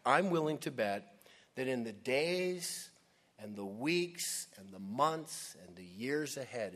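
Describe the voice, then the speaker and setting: A male pastor preaching a sermon, emphatic, with dramatic pauses, sometimes dropping to a hush. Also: medium pitch.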